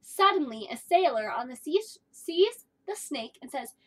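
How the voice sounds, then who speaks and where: A woman leads a kindergarten phonics lesson with a high voice and an unhurried pace. She tells little letter stories in a sing-song way and carefully draws out each sound for young children. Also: expressive, fairly bright tone. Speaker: kindergarten teacher.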